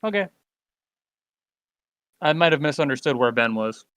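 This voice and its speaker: A man's voice: on the high side, expressive, normal speed, a bit bright, smooth, no echo. A man playing a tabletop game with blunt, joking banter. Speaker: player. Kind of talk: casual game chat.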